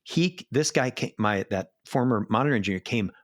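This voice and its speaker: A middle-aged man, a live sound engineer, telling animated backstage stories in a casual interview. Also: mid-range voice, fairly quick, no room sound, clean studio sound. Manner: animated anecdotes, acts out quoted voices.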